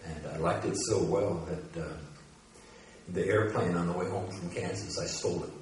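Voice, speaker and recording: A man in his seventies, from the United States, speaks in a very low voice to an audience. He talks casually with plenty of "uh" pauses, then settles into a slow, deliberate cadence for his poems. The sound is distant and washed in the heavy echo of a large hall. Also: a little hiss or hum. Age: 70s. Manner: conversational with frequent "uh" pauses, slow and measured when reading poems. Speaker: poet giving a reading. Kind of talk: public talk and poetry reading. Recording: very echoey hall, voice from far off.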